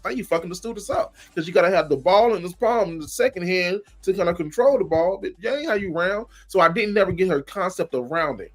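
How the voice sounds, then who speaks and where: A man co-hosting a comedy podcast, telling a school story in a profane, animated way. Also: sits high, fast, hardly any pauses. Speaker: podcast co-host.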